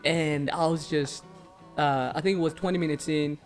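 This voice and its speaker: A young Australian man tells a story with loud, animated bursts and acted-out voices. His voice sits a little high for a man, with faint music playing in the background. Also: moderate pace. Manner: acts out voices in anecdotes, loud exclamations. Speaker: stand-up comedian, guest. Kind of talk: animated storytelling in casual chat.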